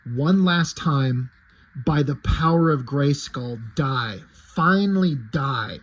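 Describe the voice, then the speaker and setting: A bleeding hero weighed down by his past failures, spoken by a man in his own voice, with a slightly high, husky tone. The read is plain and unacted. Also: lively intonation, slow pace. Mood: grim. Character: wounded, guilt-laden adult male hero He-Man.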